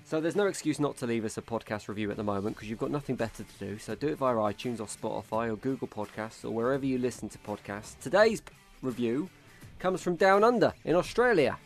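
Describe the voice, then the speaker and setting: A man's voice: mid-range voice, lively intonation, quick pace, soft background music. Chatty man hosting a podcast. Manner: chatty, laughs often. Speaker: podcast host. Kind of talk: casual football podcast chat.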